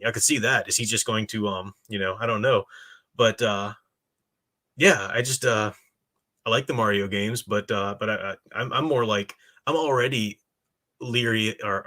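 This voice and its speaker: Male live-stream host, low pitch, bright and punchy tone, opinionated. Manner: opinionated and emphatic. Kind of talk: casual live-stream commentary, reading chat.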